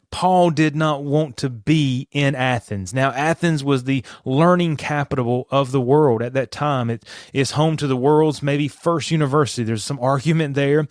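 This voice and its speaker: A man's voice: medium pitch, no echo, studio quality. A man hosting a devotional podcast, teaching in an earnest, emphatic way and putting rhetorical questions to his listeners. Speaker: podcast host and Bible teacher.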